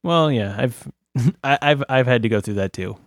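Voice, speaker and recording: Easygoing man with a mid-pitched voice. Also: moderate pace, no echo, studio quality. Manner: laughs often, short reactive comments. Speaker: podcast host. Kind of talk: casual podcast chat.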